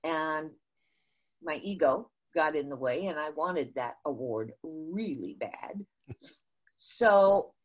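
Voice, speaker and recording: Speaking slowly in a voice that sits low, an older woman from the USA recounts a business story as an interview guest. She is animated and frequently starts her sentences over.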